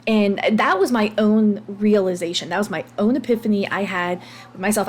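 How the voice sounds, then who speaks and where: A woman's voice: mid-range voice, normal speed. An American woman in her thirties hosting a podcast, speaking openly and confessionally about her own past, with frequent ums and restarts. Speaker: podcast host. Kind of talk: candid personal monologue.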